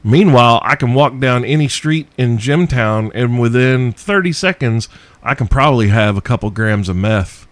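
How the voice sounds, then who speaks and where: A man's voice: medium pitch, a little slow, dry recording. A man hosting a solo podcast, answering listener questions in a profane, sarcastic ranting manner. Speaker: podcast host.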